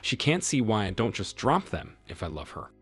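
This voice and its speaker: Man, story narration, wry and bitter, husky low voice, animated delivery. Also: moderate pace, faint music behind. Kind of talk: first-person story narration.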